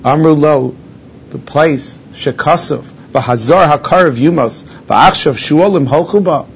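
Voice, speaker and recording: A man, a rabbi, teaching a Torah lesson and explaining each Hebrew term in English. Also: measured pace. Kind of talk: Torah lesson on mourning laws. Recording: dull lo-fi recording with faint rumble.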